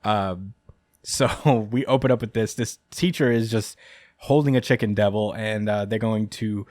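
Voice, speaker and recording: A podcast host recaps a manga chapter in casual chat, rambling, chuckling often and filling his speech with "uh" and "like." His lowish voice is unhurried and a little mellow, studio quality with no room sound.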